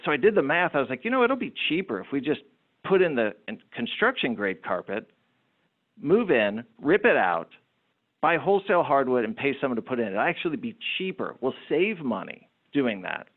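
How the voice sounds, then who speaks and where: An entrepreneur tells anecdotes in a lively, animated way, often restarting his sentences. His voice sits at a middle pitch. It comes through a thin, tinny, phone-like line. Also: a little fast. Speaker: entrepreneur guest. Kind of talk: storytelling interview talk.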